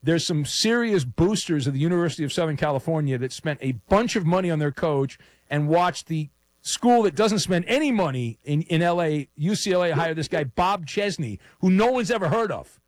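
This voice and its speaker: A man hosting a call-in sports radio show, teasing callers with quick jokes. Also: a little high, animated, no room sound, studio quality.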